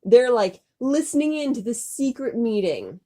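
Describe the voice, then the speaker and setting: A woman's voice: on the high side, sing-song, moderate pace, mellow. A woman co-hosting a comedy podcast, reading aloud from a story she wrote and commenting on it with exasperated amusement. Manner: reads her old writing aloud, then reacts with exasperated laughter. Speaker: podcast co-host.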